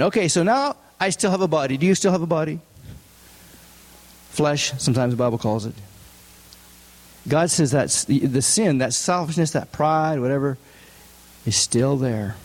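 A man preaching a sermon, putting questions to the congregation and stressing points with sharp rises in his voice. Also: animated, normal speed, pauses often. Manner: asks the congregation many questions, rises in pitch for emphasis. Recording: long hall reverb.

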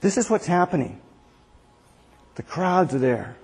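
This time his high voice swings widely in pitch, a little slow and darkish. The pastor, in his sixties, tells stories in a casual sermon, restarting often as he chats, with echoey hall reverb around him.

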